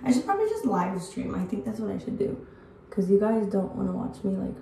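A woman's voice: medium pitch, big pitch swings, brisk, mellow, a little hiss or hum. A young woman in her early twenties, rambling bluntly with swearing as she chats while getting ready at home. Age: early 20s. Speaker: vlogger. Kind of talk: get-ready-with-me chat. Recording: echoey room, distant mic.

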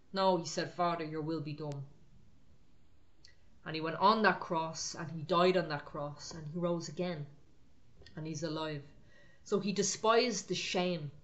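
A woman preaching an encouraging prophetic sermon to online viewers, talking in short, repeated exhortations. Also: fairly low pitch.

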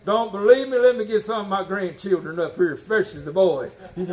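A man preaching a sermon, folksy and emphatic, swinging from shouts to low tones. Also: animated, brisk, hardly any pauses, poor audio. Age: 60s.

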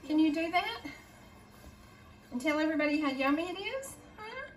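A woman's voice: high voice, sing-song, normal speed. An older woman hosts a casual cooking demo, coaxing her grandchild in a sing-song, baby-talk manner. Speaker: host. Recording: echoey kitchen, faint noise.

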